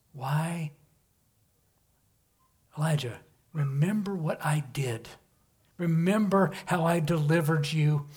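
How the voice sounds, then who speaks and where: A soft, hushed divine voice, as a preacher puts it on, patient and reassuring. He keeps it low and quiet, close to his own fairly high pitch. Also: husky. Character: gentle, patient male divine voice.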